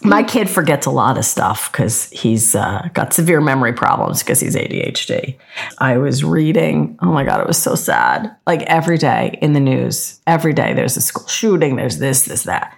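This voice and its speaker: A middle-aged woman with a New Jersey accent, co-hosting a casual podcast chat and telling blunt, animated stories about her kids. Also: rumbling low, normal speed, gravelly, husky. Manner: blunt, animated storyteller who acts out quotes. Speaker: podcast co-host.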